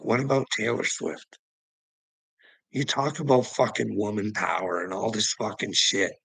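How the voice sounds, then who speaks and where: Gravelly, raspy man ranting. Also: mid-range voice, fairly bright tone, dry recording, poor audio. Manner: profane, heated, chuckles between points. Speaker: vlogger. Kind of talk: casual ranting monologue.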